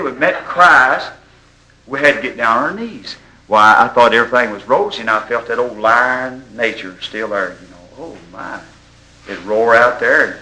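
A man preaching a sermon, telling folksy stories and rising into loud exhortation. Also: medium pitch, rough recording.

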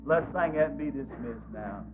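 A man's voice: medium pitch, animated, moderate pace, narrow, tinny audio, soft background music. A man preaching a revival sermon, fervent and folksy, repeating phrases in a rolling rhythm.

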